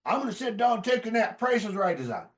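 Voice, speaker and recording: Man doing a cranky old grandfather, high and barking. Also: big pitch swings, fast, recorded from a distance. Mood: gruff. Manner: gruff, bigoted barking.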